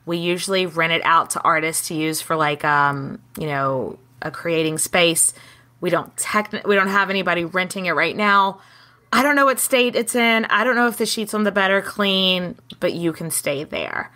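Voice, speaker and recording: A woman co-hosting a casual history podcast, telling the story with lively acted-out quotes and casual swearing. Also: on the low side, normal speed. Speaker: podcast co-host.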